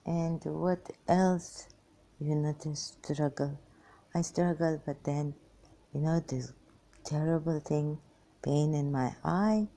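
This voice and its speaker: A tired, weak woman rambling through a personal monologue for her vlog in halting, broken phrases. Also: sits low, warm tone. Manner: halting, fragmented speech with many pauses. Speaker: vlogger.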